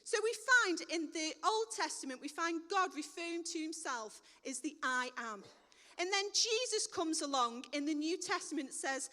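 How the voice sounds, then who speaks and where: A woman's voice: extremely high pitch, lively intonation, normal speed, pushed and bright. A woman preaching a sermon in a conversational, plain-spoken way, recorded in a church hall with long reverb.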